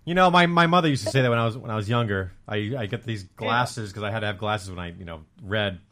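A man from New Hampshire, a band's drummer, talking in a measured, dry way in a casual interview. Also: on the low side, bright, forceful tone.

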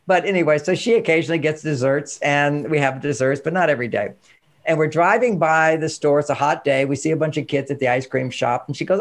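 A man coaching parents on emotions, telling stories and acting out the dialogue in an animated way. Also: fairly high pitch, fast. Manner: animated storytelling, acts out dialogue. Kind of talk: instructional talk with anecdotes.

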